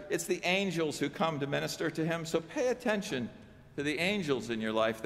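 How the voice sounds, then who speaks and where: Creaky-voiced pastor preaching in a reverberant church. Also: male voice, mid-range voice, a bit bright. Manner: conversational preaching with asides to the congregation. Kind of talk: sermon. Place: church sanctuary.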